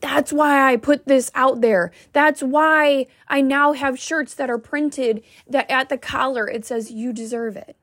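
A woman coach speaking slowly and with feeling, pressing each point with heartfelt emphasis. Her voice sits a little high, and the recording is dry and close, with no room sound. She talks straight to the viewer in a motivational style. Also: steady tone, fairly bright tone, dry recording. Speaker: wellness coach. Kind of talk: motivational talk to camera.

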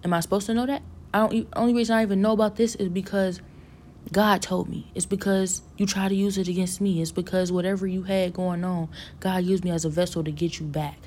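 A woman's voice: fairly low pitch, fairly even intonation, a little fast, darkish tone, slight background noise. A woman telling a long, rambling story about a vision, musing earnestly about God and the devil with many fillers and restarts.

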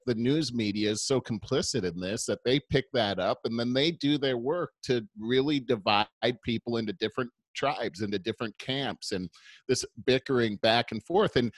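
A man's voice: mid-range voice, no echo. A man in casual conversation as podcast co-host, telling stories animatedly and acting out quoted voices.

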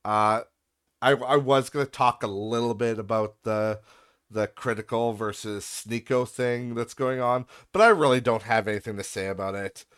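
A man's voice: medium pitch, moderate pace, fairly bright tone, smooth, dry recording, studio quality. A young man hosting a podcast, ranting in a profane, sarcastic and exasperated way. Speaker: podcast host.

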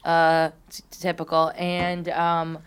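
A woman's voice: low voice, monotone, slow pace, a little hiss or hum. Young woman telling a rambling story. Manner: rambling, acts out quoted lines. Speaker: podcast co-host. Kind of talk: casual storytelling chat. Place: studio.

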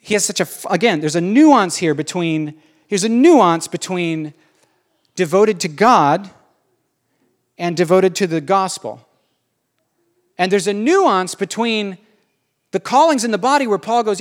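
Male pastor, animated sermon, conversational and emphatic, somewhat high pitch. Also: a little slow, long pauses.

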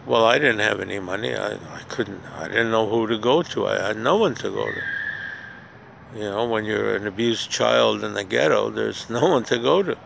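An older man with a heavily gravelly voice tells a motivational story outdoors. He is earnest and repeats himself, building to emphatic questions. Faint background noise from the park is heard behind him. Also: fairly low pitch, normal speed, fairly bright tone, low-quality recording. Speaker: podcast host.

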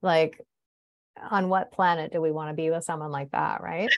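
A woman speaks in a notably low register as she hosts a podcast. Her delivery is emphatic and conversational, with frequent tag questions. The recording is dry and close, with no room sound. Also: steady tone, normal speed, no echo, muffled recording. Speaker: podcast host.

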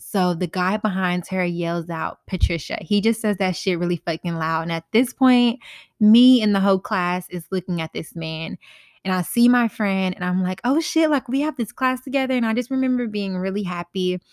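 A woman's voice: fairly low pitch, normal speed, clear, resonant tone, no echo. Young woman spilling tea from her bedroom, slangy and cussing, dry close sound. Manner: candid, slangy and profane, animated quoted voices. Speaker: podcast host. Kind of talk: casual storytime chat.

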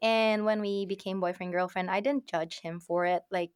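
A woman guest on a podcast, telling a personal story in a lively, casual way and acting out the back-and-forth as she goes. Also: medium pitch, normal speed, clean tone, no room sound, clean studio sound. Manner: animated, quotes herself and others, frequent laughs.

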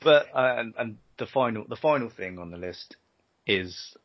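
A man's voice: on the low side, lively intonation, moderate pace, no echo. A man co-hosting a casual podcast, sarcastic and sweary, often breaking into laughter. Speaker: podcast co-host. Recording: dull lo-fi dry recording.

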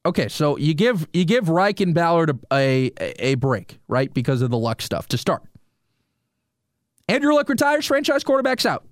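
His pitch is fairly high and his pace moderate, and the clean studio recording has no room sound. This sports radio host runs a solo sports podcast, ranting animatedly, asking rhetorical questions, and talking right at his listeners.

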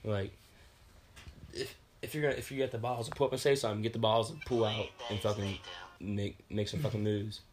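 A man's voice: on the low side, level tone, fast talker, faint music behind. A man in his twenties in a casual chat, telling a rambling, profane story and stumbling over repeated words.

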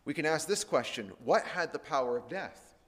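A man teaching a Bible sermon, slowing and raising his voice when he reads scripture aloud. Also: a little high, expressive, fairly bright tone. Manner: slows and lifts his voice to read scripture aloud. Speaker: preacher. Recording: long hall reverb.

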